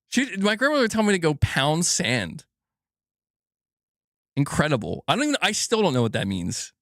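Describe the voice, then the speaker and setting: A young man giving a profane, animated gaming news rant, laughing and talking back to his viewers. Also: on the high side, no echo, studio quality. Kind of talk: casual ranting commentary.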